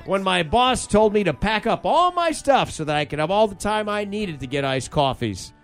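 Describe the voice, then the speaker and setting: A man's voice: high voice, big pitch swings, normal speed, a bit bright, soft background music. A man co-hosting a casual chat, reading short listener stories aloud with comic emphasis and bantering with his co-hosts.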